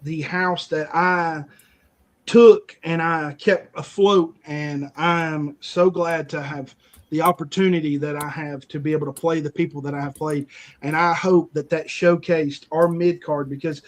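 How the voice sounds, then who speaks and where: High-voiced man taunting like a wrestler. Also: steady tone, unhurried. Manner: boastful, taunting, stumbles over words when fired up. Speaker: league champion cutting a promo on a stream show. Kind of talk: trash-talking wrestling-style promo.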